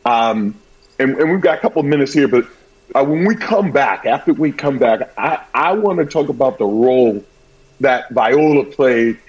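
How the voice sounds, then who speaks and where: A man hosting a sports talk show, chatting casually and telling a story with lively acted-out bits. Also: mid-range voice, normal speed. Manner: animated storyteller, acts out voices. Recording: dull lo-fi sound.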